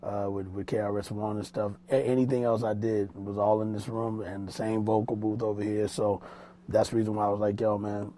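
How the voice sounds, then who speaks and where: This producer and mix engineer has a lowish, mellow voice with little pitch movement and talks a little fast. Sitting for a casual interview in a small studio room, he tells loose, rambling stories peppered with street slang and restarts.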